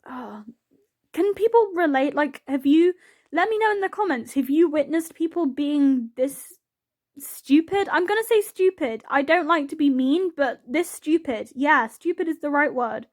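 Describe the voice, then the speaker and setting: A woman with a high voice talks casually over her gameplay footage. She rambles, giggles and peppers everything with "like", sounding chatty and unguarded. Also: expressive, moderate pace. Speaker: YouTuber narrating a game build.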